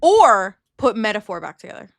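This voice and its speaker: A woman's voice: medium pitch, sing-song, normal speed, creaky, no room sound. A young woman co-hosting a casual podcast, chatty and laughing, swearing freely as she tells stories. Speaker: podcast co-host. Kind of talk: casual chat.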